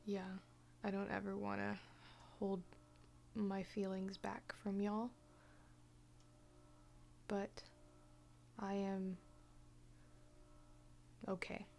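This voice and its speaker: A young woman chatting in a personal vlog, soft-spoken and often dropping to a half-whisper, with many fillers and restarts. She talks slowly and without hurry. A faint hum sits under the recording. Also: mid-range voice, completely flat delivery, gravelly. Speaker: vlogger.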